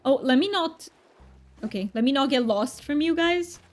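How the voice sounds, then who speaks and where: A woman streamer talks loosely with her viewers while gaming, giggling and tripping over her own sentences. Her voice sits a bit high, and faint game music plays behind it. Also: lively intonation, measured pace. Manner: giggly, rambling, frequent restarts. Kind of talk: casual live-stream chat while gaming.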